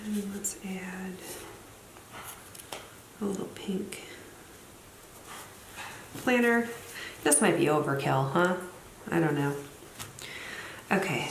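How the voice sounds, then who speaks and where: A woman's voice: fairly low pitch, slight background noise. Chatty woman in an echoey room. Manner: chatty, thinks aloud, self-deprecating asides. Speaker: planner vlogger; teacher. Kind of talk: casual plan-with-me narration while decorating.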